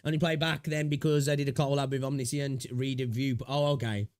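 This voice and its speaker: Young British streamer, rambling chat with viewers, average pitch, dry close mic. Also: male voice, level tone, a little fast, a little mellow, no room sound. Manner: rambling, chatty, swears freely, talks to chat. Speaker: gaming livestreamer. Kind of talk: casual livestream chat.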